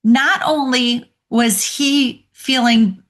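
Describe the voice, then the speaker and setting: Brief: woman coach, podcast guest, lively storyteller who laughs a lot, pitched a bit high. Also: extremely slow. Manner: animated storyteller, laughs often. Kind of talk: conversational podcast interview.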